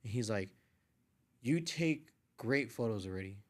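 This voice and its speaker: A young man, a podcast guest, casually telling a story with lively quoted voices and frequent swearing. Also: medium pitch, unhurried. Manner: animated retelling, acts out quoted voices, swears freely. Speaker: podcast guest, artist and photographer.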